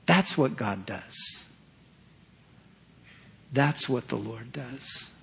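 A man preaching a sermon, earnest and measured, repeating phrases for emphasis. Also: mid-range voice, lively intonation, vocal fry, breathy edge. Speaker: pastor.

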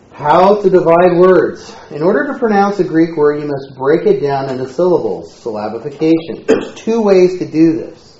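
A man teaching a Greek class in a relaxed, joking lecture style. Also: mid-range voice, a little hiss or hum. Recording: echoey room, dull lo-fi sound.

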